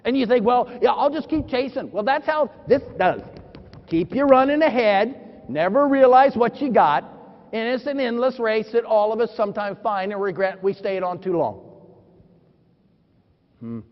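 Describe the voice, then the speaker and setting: A man in his fifties giving a motivational keynote speech, telling stories animatedly and acting out the dialogue with sudden shouts, recorded in a large conference hall. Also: high-pitched, lively intonation, normal speed. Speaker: motivational speaker. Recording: dull sound, long hall reverb.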